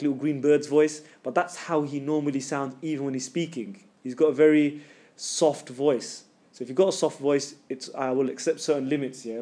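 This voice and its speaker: A middle-aged man teaches Quran recitation in a live tajweed session, guiding students informally and voicing the sounds as examples. His voice sits on the high side with a darkish tone.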